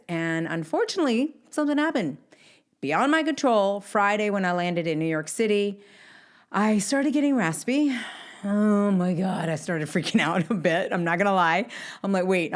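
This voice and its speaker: A middle-aged woman hosting her own podcast, talking upbeat and chatty straight to her listeners. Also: fairly low pitch. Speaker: podcast host. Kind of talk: casual solo podcast intro.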